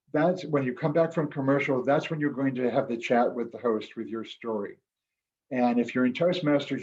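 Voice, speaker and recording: Man, middle pitch, earnest and reflective storytelling, video call, slightly muffled sound. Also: darkish tone. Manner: earnest, reflective, occasionally emotional. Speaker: guest speaker, former quiz show champion. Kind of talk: storytelling talk at an online club meeting.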